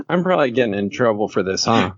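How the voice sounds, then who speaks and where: A man's voice: on the low side, dry recording. A man talking casually as a podcast guest, joking and rambling and laughing often. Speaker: podcast guest, horror author. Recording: dull lo-fi podcast audio.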